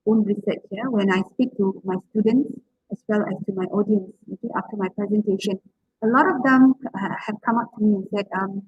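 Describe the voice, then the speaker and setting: In an interactive online lecture on public speaking, a woman with a mid-range, husky voice talks fairly quickly over dull audio. She encourages her class, asks them questions, and fills gaps with "okay" and "right."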